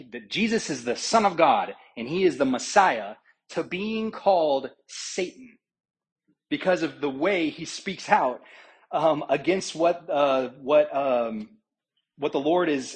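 A man preaching a sermon, retelling scripture as a story, with pauses and fillers as he thinks aloud. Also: fairly high pitch, breathy edge, poor audio.

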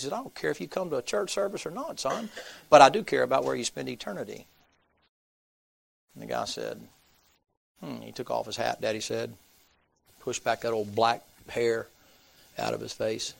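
A man's voice: mid-range voice, big pitch swings, a little fast, vocal fry, pauses often, breathy edge, no room sound. A man, preaching by telling a folksy story and acting out the people's voices. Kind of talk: sermon storytelling.

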